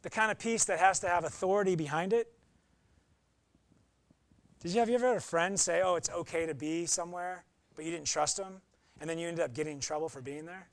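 Man, young adult, pastor, conversational sermon, high voice, gravelly, dry close sound. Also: fast, pauses often, no room sound. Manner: conversational, acts out quoted voices.

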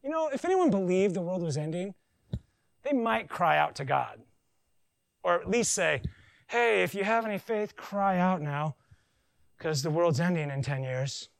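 A man preaching a conversational sermon, joking and animated, with silly voices in his asides. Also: high-pitched, moderate pace, gravelly, long pauses, no room sound, low-quality recording. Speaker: pastor.

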